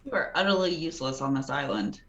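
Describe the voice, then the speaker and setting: A woman's voice: low-pitched, expressive, fast talker, a bit bright, highs cut off. A woman playing a tabletop game, joking and teasing the others. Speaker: player. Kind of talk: casual tabletop play.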